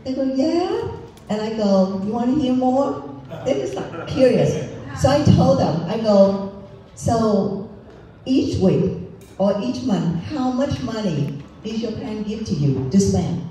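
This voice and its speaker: A woman's voice: on the high side, lively intonation, a little slow, mellow. A woman from Vietnam, a political candidate, telling a story in broken English as part of a campaign speech. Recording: echoey room from far off, faint noise.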